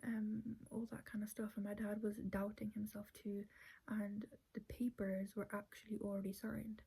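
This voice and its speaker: A woman's voice: mid-range voice, completely flat delivery, moderate pace, vocal fry, dark tone, husky, low-quality recording. A woman earnestly telling a personal family story, retelling conversations at length.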